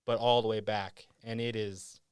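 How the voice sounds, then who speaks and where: A man's voice: on the low side, little pitch movement, moderate pace, clean tone, no room sound, studio quality. A man hosting a podcast, casually retelling a movie scene by scene in a rambling way. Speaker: podcast host.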